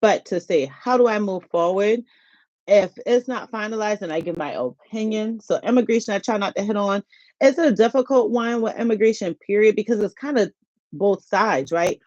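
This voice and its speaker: A middle-aged woman, hosting a casual live-stream chat, animated and laughing often. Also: mid-range voice, moderate pace, no echo, muffled recording. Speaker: HR YouTube channel host. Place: home.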